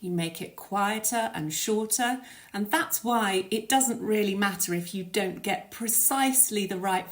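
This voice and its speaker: A woman teaching an English pronunciation lesson, modelling words slowly and clearly for learners to repeat. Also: mid-range voice.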